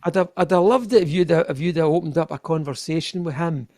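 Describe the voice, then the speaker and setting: A man's voice: a little high, fast talker, darkish tone, no echo, studio quality. A Scottish man, a keyboardist and interview guest, chatting casually and rambling with frequent restarts.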